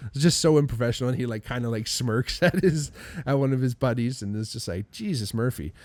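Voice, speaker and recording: Animated, swearing male storyteller, dry sound. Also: medium pitch, fast talker, no echo. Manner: animated storyteller, acts out quotes, swears a lot, laughs often. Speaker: podcast guest. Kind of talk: casual storytelling.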